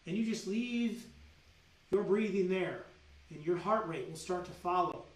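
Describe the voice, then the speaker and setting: Animated preachy man in a roomy space. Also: high-pitched, unhurried. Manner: animated and preachy, with teasing rhetorical questions to the audience. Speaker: doctor giving a health training. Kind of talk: energetic seminar-style health talk. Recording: roomy sound with the mic at a distance.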